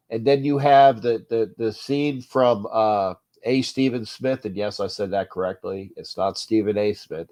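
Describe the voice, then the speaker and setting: Man, stuffed-up nose, sports call-in host, rambling, mid-pitched voice, mutters then gets loud. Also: unhurried. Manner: rambling, restarts often, swings from mutter to loud. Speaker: sports talk show host. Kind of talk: uncensored fan rant show.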